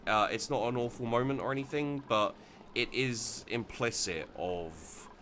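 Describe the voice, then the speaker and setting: Medium-pitched and a little slow, a man's fairly bright voice comes through slight background noise as he plays through a let's play. His casual commentary rambles, with many fillers and restarted sentences.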